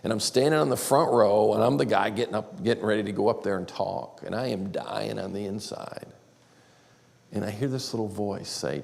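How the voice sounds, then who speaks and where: Man, gravelly, self-deprecating seminar storyteller, live hall reverb. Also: lowish voice, a little fast, a little mellow, a little hiss or hum. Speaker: seminar speaker. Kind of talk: storytelling teaching talk. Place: large church auditorium.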